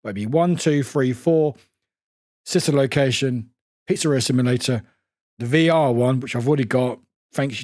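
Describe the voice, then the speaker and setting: A man streaming a game live, excitable and swearing freely as he chats back to his viewers. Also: mid-range voice, no echo, clean studio sound. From United Kingdom.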